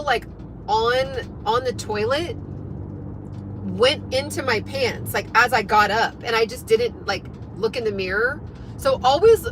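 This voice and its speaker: A young woman telling a story to her viewers in a chatty, animated way, full of fillers. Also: sits high, a little hiss or hum, low-quality recording. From United States. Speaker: fitness and life coach.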